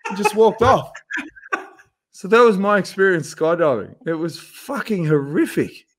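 A man, a podcast co-host telling a profane, animated anecdote in casual chat. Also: sits high, unhurried. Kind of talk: casual storytelling.

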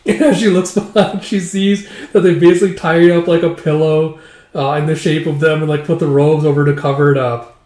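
Man, casual comic read-aloud, chatty, laughs a lot, a bit high-pitched, echoey room. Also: fairly even intonation, normal speed, warm tone. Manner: chatty, laughing, repeats "it's like". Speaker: manga reader.

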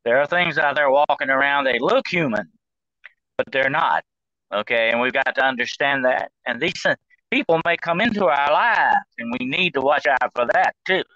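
A guest on a demonology show, this man has a bright, forceful voice at medium pitch and a moderate pace. The line sounds dull, muffled, dry and close. He rambles through his points casually, talk-show style, with lots of fillers and restarts.

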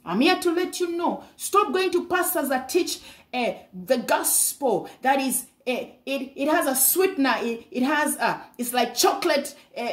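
A woman's voice: sits high, reverberant. A woman preaching a fervent sermon, breaking in with hallelujah and sometimes stumbling over her words.

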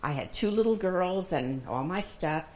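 Woman in her nineties, low voice, calm unhurried storyteller for an oral history. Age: 90s. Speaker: interviewee. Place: library reading room.

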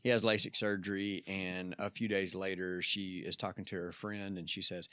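A man's voice: low-pitched, level tone, moderate pace, sharp tone, no room sound. A man co-hosting a faith podcast, musing in an easygoing way and dropping in the odd joke. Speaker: podcast co-host. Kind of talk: casual chat.

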